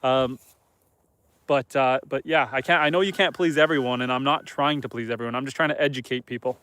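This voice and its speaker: A man's voice: mid-range voice, fairly quick, dry recording. A man hosting a casual live stream outdoors on his homestead, chatting loosely with viewers and reading their comments aloud. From Northern Canada. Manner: relaxed, rambling, reads viewer comments aloud. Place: outdoors on a homestead farm among animals.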